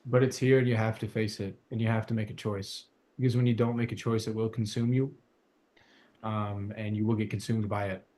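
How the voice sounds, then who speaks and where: A man hosting a casual spiritual podcast, talking fervently and preachily, sometimes building to a shout. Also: lowish voice, level tone, brisk, a little hiss or hum. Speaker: podcast host. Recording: roomy echo.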